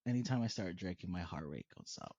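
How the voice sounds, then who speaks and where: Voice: low-pitched, huge pitch swings, quick pace, creaky, muffled recording, background noise. A podcast co-host in casual chat, reacting with exclamations and laughs.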